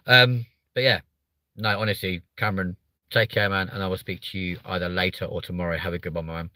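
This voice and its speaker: Blunt, sweary English streamer. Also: male voice, low voice, steady tone, fast, pushed and bright, no echo. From England. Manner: blunt, sweary, reads chat aloud. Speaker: live stream host. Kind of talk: casual live stream chat.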